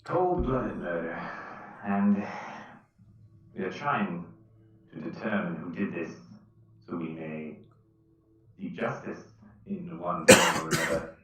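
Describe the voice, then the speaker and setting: A man's voice: sits low, sing-song, takes it slowly, creaky, long pauses, fairly bright tone, heavily acted. A man playing a solemn desert ship captain, speaking in formal, old-fashioned phrases. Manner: formal, archaic in-character speech. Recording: roomy, distant, dull lo-fi mic.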